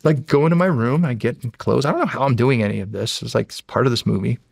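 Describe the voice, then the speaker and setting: Gravelly middle-aged American man, telling stories. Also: mid-range voice, fast talker, no room sound, clean studio sound. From United States. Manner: animated, acts out voices in his stories. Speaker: podcast guest, former Navy SEAL. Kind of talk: casual storytelling.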